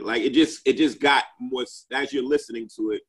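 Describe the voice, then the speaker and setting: A man's voice: mid-range voice, fairly quick, slightly rough, rough recording. A man in a casual group chat, talking at length with many fillers and restarts.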